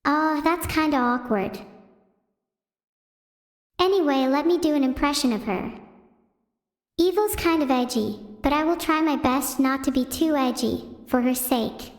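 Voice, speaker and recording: A synthetic female voice doing deadpan stand-up comedy on a stream, chatting with viewers. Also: high voice, measured pace, long pauses. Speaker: AI streamer host. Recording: roomy reverberant sound.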